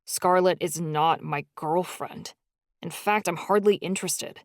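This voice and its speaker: A woman voicing an angry, hot-tempered young man who growls and rants loudly in a storybook reading. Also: on the low side, measured pace, dry recording, clean studio sound, natural voice. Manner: loud, raging rants.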